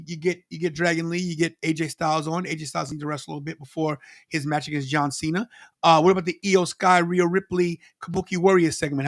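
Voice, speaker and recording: A man co-hosting a live wrestling watch-along podcast, animated and laughing often, talking straight to the chat. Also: a little high. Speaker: podcast co-host.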